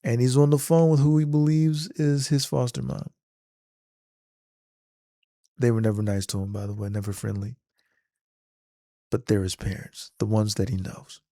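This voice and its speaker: A man casually retelling a movie scene in an animated, slangy storytelling manner. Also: medium pitch, normal speed, pauses often, no echo, clean studio sound. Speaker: vlogger.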